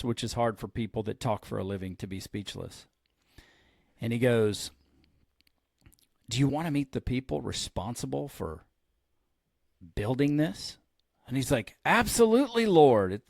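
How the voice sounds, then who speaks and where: A man of ordinary pitch hosts a podcast as a pastor, telling a long story in a relaxed, chatty way. He acts out the lines of the people in it as he goes. His voice sits close to the mic in a dry, dead room. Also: vocal fry, dry recording. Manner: animated storyteller who acts out quoted lines. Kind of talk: storytelling in casual podcast chat.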